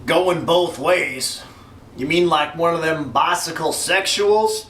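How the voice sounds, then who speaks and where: A man voicing a slow, dim-witted, crude adult man with a drawling, dopey delivery. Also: fairly high pitch, a bit bright, recorded from a distance. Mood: leering. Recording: echoey room, voice off-mic.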